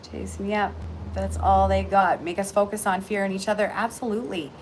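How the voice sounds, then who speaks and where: A middle-aged Canadian woman chatting casually and warmly on a livestream, full of ums and restarts, about heartfelt topics. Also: medium pitch, fairly even intonation, a little fast, a little hiss or hum, poor audio. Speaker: intuitive reader and shop owner. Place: aboard a cruise ship. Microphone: phone livestream.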